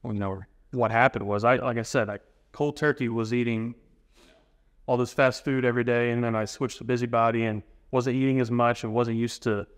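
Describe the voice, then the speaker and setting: A man's voice: medium pitch, steady tone, fairly quick, clear, resonant tone. A man in his twenties, a training client, chatting casually as a guest in an interview. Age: 20s. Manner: easygoing, rambling, many fillers and restarts.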